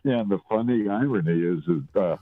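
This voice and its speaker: A man's voice: low voice, lively intonation, moderate pace. A man joining a livestream as a guest, chatting about politics in a wry, amused way. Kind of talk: casual political chat. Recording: tinny phone-like call audio.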